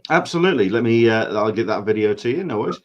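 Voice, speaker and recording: A man's voice: fairly low pitch, lively intonation, fast, dull audio. A man with an English accent, hosting a livestream interview over a video call in an easygoing way. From England. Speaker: livestream host. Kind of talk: casual interview.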